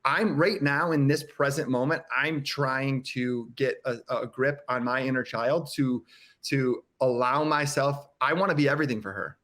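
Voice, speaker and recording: A man's voice: mid-range voice, fairly bright tone. A man talking as a podcast guest, candid and earnest, often restarting his sentences and acting out what others said. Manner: earnest, halting, many restarts, acts out quotes. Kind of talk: candid conversational sharing.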